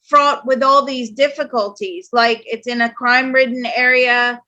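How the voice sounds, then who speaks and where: A woman psychic host with a high, bright voice, chatting casually. She tells her stories in an animated, lively way and laughs often. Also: moderate pace, highs cut off. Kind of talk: casual chat.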